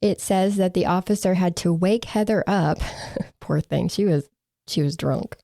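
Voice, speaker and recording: A woman's voice: fairly low pitch, unhurried, gravelly, dark tone, no room sound. A woman co-hosting a true crime podcast, reading from case reports with dry, sarcastic asides.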